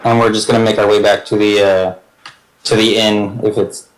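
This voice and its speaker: A man's voice: on the low side, flat delivery, normal speed, poor audio. A man playing a tabletop game who talks in a hesitant way, thinking aloud. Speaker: player. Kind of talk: casual tabletop game play.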